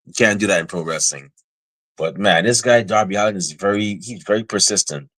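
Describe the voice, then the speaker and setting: Man, podcast host, casual chat, animated and chatty, lowish voice, dry close sound. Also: fairly quick, no room sound, low-quality recording. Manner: animated, chatty, many restarts. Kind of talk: casual wrestling predictions chat.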